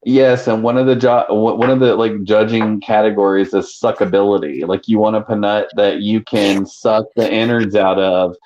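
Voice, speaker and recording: A man's voice: lowish voice, steady tone, moderate pace, hardly any pauses, darkish tone, muffled recording. A man with a South Georgia Southern accent, chatting animatedly on a live stream, laughing and swearing as he tells stories. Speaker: panel host. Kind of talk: casual live-stream chat.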